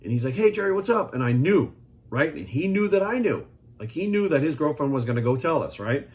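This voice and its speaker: A man's voice: mid-range voice, big pitch swings, brisk, a little mellow. A man hosting, talking in a blunt, fired-up casual monologue full of cursing, repeating his points and tagging lines with "right?". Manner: emphatic, repeats phrases, lots of "right?" and "like". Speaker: host.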